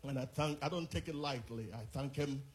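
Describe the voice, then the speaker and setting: A visiting bishop from overseas preaches and leads prayer in a mid-range male voice, speaking a little fast. His delivery is fervent and rhythmic, full of repeated phrases.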